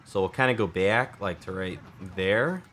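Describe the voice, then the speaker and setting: A man's voice: deep voice, moderate pace, fairly bright tone, a little hiss or hum. A man in his thirties thinking aloud as he builds in a game, casual and chatty. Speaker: let's play host. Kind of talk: casual gameplay commentary.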